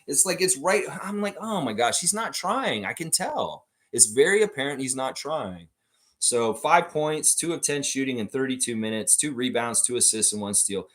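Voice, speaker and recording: A man's voice: medium pitch, fairly bright tone. A man hosting a casual livestream, reacting to a game and reading viewer chat aloud in a goofy, blunt, ranting way.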